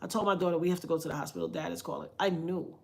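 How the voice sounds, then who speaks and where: A woman's voice: on the low side, sing-song, very fast. A middle-aged woman telling a personal story in a heartfelt, conversational way, often repeating lines for emphasis. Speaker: interviewee.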